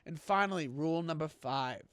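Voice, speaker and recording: A man's voice: fairly high pitch, moderate pace, fairly bright tone, smooth, dry recording. A man streaming a game, playing a boastful chef persona with theatrical, pompous, profane rants.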